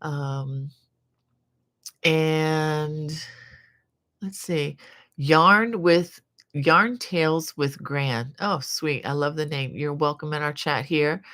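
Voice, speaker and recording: Her low voice keeps a steady, fairly bright tone, stretching out words and leaving long pauses. She's a crochet channel host from the United States, in her fifties, casually chatting on a live stream and reading out viewer comments with many fillers.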